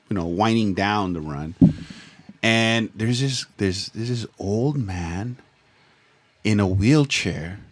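A man telling a story in casual, slang-heavy chat, cursing freely. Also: on the low side. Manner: laid-back slang-heavy swearing. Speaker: podcast co-host.

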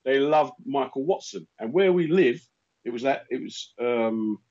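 A man in his fifties with a London accent, hosting a casual chat as an animated storyteller. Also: mid-range voice, unhurried. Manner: animated storyteller who slips into put-on voices. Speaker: radio host. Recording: muffled lo-fi sound.

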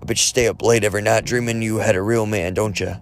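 A man's voice: on the low side, steady tone, quick pace, close to an everyday voice. A man putting on the voice of a cocky, menacing male boxer, delivering swaggering taunts. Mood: taunting.

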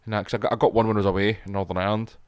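A young man co-hosting a podcast, telling sweary stories in lively banter. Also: on the low side, racing, clear, resonant tone, dry recording. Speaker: podcast co-host. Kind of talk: casual chat.

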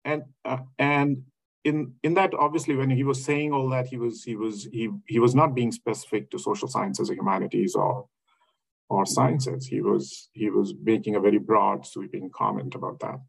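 A man's voice: on the low side, little pitch movement, moderate pace, creaky, breathy edge, rough recording. A man speaking as an academic in a reflective lecture style, hesitant, with many fillers and restarts.

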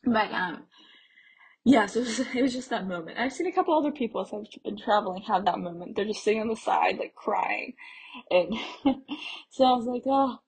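A woman's voice: medium pitch, a little fast, darkish tone, poor audio. A young woman from Pennsylvania telling a casual travel story, chatty and full of "like", laughing between thoughts. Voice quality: very breathy, airy voice. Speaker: travel vlogger.

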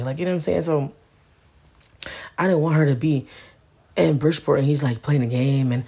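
Young-mom podcaster, husky and worn out; loose, profane, frustrated chat. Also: female voice, very deep voice, fast, mellow. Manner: profane, frustrated, keeps asking "you know what I mean". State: tired. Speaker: podcast host, mother. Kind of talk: casual venting monologue.

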